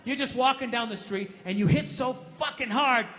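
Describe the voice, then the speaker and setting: A man performing a stand-up comedy set, ranting with lots of profanity and building up to shouted punchlines. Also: very high-pitched, moderate pace. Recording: live hall reverb, faint background noise.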